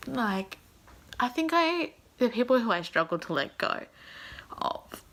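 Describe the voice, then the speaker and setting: A woman's voice: on the high side, very animated, unhurried, fairly bright tone. A woman book vlogger reading a novel aloud and giving her emotional reactions, sighing and dropping to a half-whisper at times.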